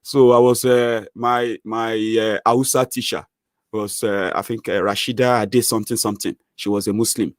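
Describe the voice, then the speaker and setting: A Nigerian man with a Yoruba accent, hosting a casual commentary vlog in an animated, chatty way. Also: fairly low pitch, moderate pace, dry recording, clean studio sound. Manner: animated, chatty, many fillers, lively rising swings. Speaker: channel host.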